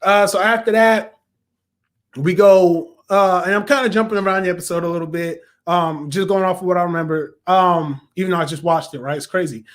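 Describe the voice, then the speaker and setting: High-voiced chatty male reviewer. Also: brisk. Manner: chatty and animated, acts out quotes. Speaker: show host reviewing an episode. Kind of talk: casual video review.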